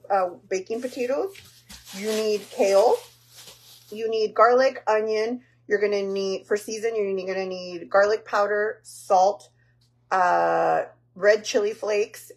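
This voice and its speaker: Chatty woman cooking on camera. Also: medium pitch. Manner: chatty, rambling, self-teasing with lots of fillers. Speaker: home cook vlogger. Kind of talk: casual cooking tutorial.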